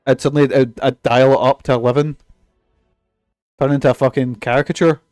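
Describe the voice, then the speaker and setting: A Scottish man commentates casually over a video game, swearing freely and joking as he rambles. His voice is mid-pitched and sits dry and close to the mic, with faint game music underneath. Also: flat delivery, brisk, a little mellow, dry recording. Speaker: game streamer.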